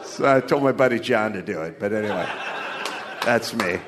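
A man's voice: fairly low pitch, animated, normal speed, a crowd in the background, background noise. A middle-aged man telling crude, rambling comedy stories, laughing at his own jokes. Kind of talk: loose stand-up storytelling.

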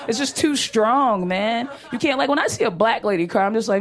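A woman's voice: on the high side, lively intonation, brisk, hardly any pauses. Brash, profane woman stand-up comic. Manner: brash, profane, laughing through lines. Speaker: stand-up comedian. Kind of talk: stand-up comedy set. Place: comedy stage.

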